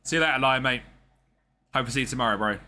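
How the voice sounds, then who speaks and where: A man's voice: mid-range voice, fast talker, pushed and bright. A man giving casual, slangy gameplay commentary and talking back to the characters on screen. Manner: chatty, slangy, talks to the game characters. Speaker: gaming streamer.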